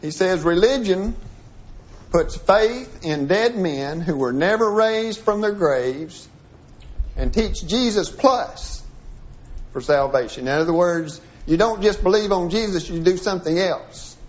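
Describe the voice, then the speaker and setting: A man's voice: high-pitched, measured pace. A man teaching a sermon-style Bible lesson, reading passages aloud and then breaking them down piece by piece with frequent restarts. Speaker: preacher. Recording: dull lo-fi recording.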